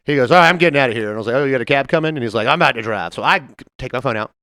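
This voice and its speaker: A man tells a rowdy bar story at speed, his pitch jumping all over the place. He laughs often and acts out the voices of the people in it. The room sounds dry and close. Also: expressive, very fast, sharp tone, dry recording. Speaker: podcast co-host. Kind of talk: casual storytelling chat.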